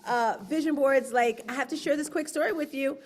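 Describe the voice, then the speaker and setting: A woman hosting her book launch on a livestream, telling lively stories and acting out quotes. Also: high voice, a little fast, heavy background noise. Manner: lively storyteller, acts out quotes. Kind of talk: casual livestream talk.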